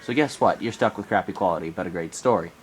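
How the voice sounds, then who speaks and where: A teenage guy with a slight cold rambles through a camping story in a lowish voice. His quoted bits jump up with energy, and a faint ambient hiss sits under a low-quality recording. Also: fast talker. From Arizona, US. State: coming down with a cold. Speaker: vlogger. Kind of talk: casual storytelling.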